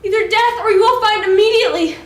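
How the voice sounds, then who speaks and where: A gentle young maiden speaks in a very high, unhurried voice, performed by a woman. The sound is distant and roomy, with faint noise in the background. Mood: frightened. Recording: echoey, from far off.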